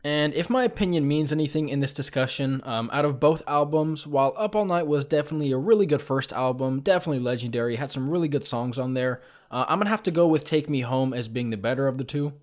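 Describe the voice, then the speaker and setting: A man's voice: medium pitch, quick pace, few pauses, darkish tone. Young man telling a wry storytime. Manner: casual, self-mocking storyteller with frequent fillers. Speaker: vlogger. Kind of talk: comedic storytime narration.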